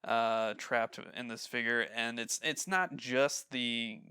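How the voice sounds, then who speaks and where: Bright, crisp-voiced man hosting a podcast. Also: medium pitch, fairly even intonation, takes it slowly, no echo, studio quality. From Ohio, USA. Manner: rambling, laughs often, many fillers. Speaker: podcast host. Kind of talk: casual podcast chat. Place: home.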